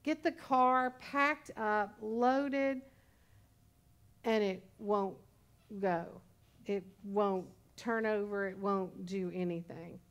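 A woman's voice: mid-range voice, drawn-out words, smooth. A woman pastor in her sixties preaching a sermon in a conversational, storytelling way with humorous asides. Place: church service.

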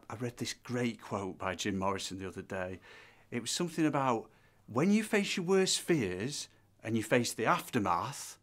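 A man playing a vain, dim aspiring actor, earnest and self-important. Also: medium pitch.

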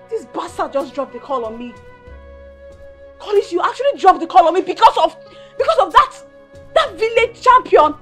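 A Nigerian actress playing a jealous young woman who feels betrayed, shouting accusations and slipping into Pidgin. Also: very high-pitched. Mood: angry, hurt. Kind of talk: film acting.

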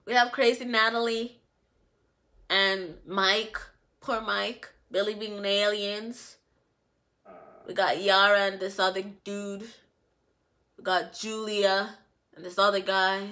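A woman's voice: medium pitch, takes it slowly, pauses often. A woman recapping a reality TV episode in a casual, scolding way, mocking the people in it. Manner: animated, scolding, mocking the cast in put-on voices. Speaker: reality TV reviewer.

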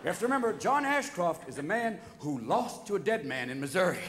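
A man doing live stand-up comedy on a theater stage, manic and rapid-fire, bursting into loud shouts and sudden voice switches. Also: high voice, big pitch swings, echoey room. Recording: live theater recording with crowd noise. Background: audience laughing and cheering.

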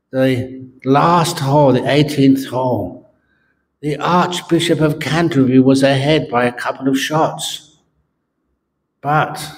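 A man, a Buddhist monk, giving a morning dharma talk at a meditation centre and telling jokes with frequent laughter. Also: mid-range voice. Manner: humorous storyteller who laughs at his own jokes.

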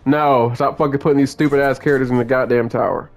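A man's voice: mid-range voice, steady tone, quick pace. A young man giving gameplay commentary as a channel host, angrily ranting and cursing at the game. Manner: angry, profane ranting at the game. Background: game music.

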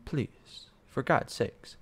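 A young man playing a strategy game at his computer, casually commenting as he swears at it, pleads with it and shouts when things go wrong. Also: drawn-out words. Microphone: desk mic.

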